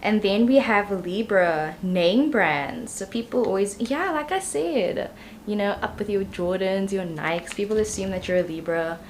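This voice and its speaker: A woman's voice: medium pitch, unhurried, a little hiss or hum. A young woman giving a casual tarot reading to camera, chatty and rambling with lots of fillers. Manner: chatty and rambling, many ums and you-knows. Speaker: tarot reader.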